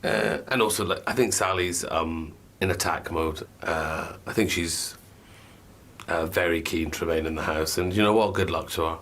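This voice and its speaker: A man giving a diary room confession in a hesitant, halting way. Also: deep voice, fairly bright tone. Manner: hesitant, halting speech with fillers. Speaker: reality show contestant.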